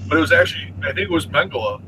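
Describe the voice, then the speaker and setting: A man's voice: on the high side, expressive, rapid-fire, background noise. A man co-hosting a casual live chat show, telling stories and going off on history tangents. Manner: storytelling, chatty history tangents. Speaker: co-host.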